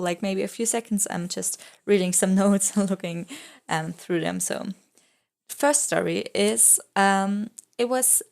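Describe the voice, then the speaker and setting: A young woman talks through a casual voice-over at a middle pitch, with a gravelly, vocal-fry edge to her voice. She rambles and laughs easily, filling her talk with "like" and "I don't know". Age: young adult. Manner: giggly, excitable. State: throat a bit rough. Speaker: YouTuber.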